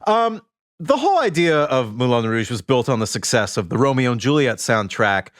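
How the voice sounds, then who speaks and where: A man's voice: medium pitch, fairly bright tone, dry recording, clean studio sound. A man co-hosting a podcast, telling music and film history in a chatty, storytelling way. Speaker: podcast co-host. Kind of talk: casual chat.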